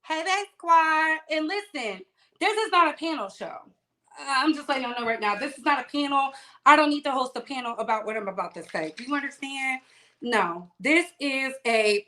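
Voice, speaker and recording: A woman's voice: high voice, bright, forceful tone. A woman hosting a live-streamed gossip show, chatting casually and sassily while greeting viewers by name.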